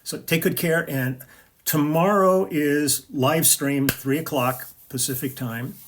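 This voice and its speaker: A man's voice: fairly high pitch, slow, slight background noise. An older man talking casually to his viewers, telling rambling stories full of fillers and restarts. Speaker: session bassist and video host. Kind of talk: casual chat to camera.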